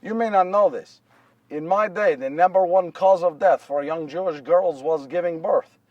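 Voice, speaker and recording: A man's voice: high-pitched, moderate pace, darkish tone, no echo, far from the mic, highs cut off, natural voice. A man playing young nervous Joseph. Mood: wry. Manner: repetitive, wry storytelling with self-corrections. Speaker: solo stage performer. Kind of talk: first-person dramatic monologue. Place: live stage before an audience.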